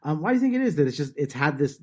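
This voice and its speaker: A man hosting a casual podcast chat, relaxed as he steers the talk. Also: a little high, rapid-fire. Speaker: podcast host.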